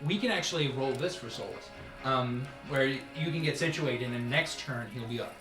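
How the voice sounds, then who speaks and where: A man running a tabletop game, shifting from dramatic narration of the scene to quick, casual rulings. His voice sits at a middle pitch and rings in a roomy space with clear music playing underneath. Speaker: dungeon master.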